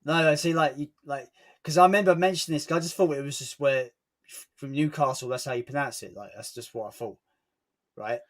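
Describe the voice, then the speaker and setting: A man's voice: medium pitch, fairly quick. A man co-hosting a live stream over a video call, chatty and giggly, reading out chat comments and swearing casually.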